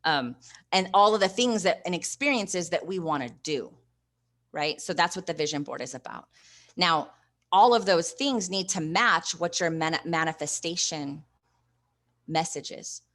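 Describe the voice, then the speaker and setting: A woman's voice: on the low side, expressive, moderate pace, a bit bright. A woman hosting a live online training, coaching viewers and reading their comments aloud in an encouraging way. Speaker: host and investing coach.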